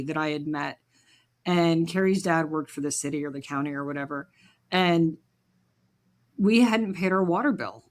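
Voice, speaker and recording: A woman in her forties co-hosting a podcast, telling stories in an animated, jokey, emphatic way. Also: on the low side. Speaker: podcast co-host. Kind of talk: casual storytelling chat.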